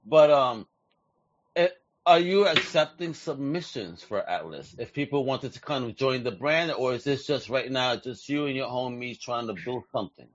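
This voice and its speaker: A man hosting a casual interview, talking in a slangy, excitable, hype-driven way. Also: medium pitch, normal speed, lo-fi sound. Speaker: interview host.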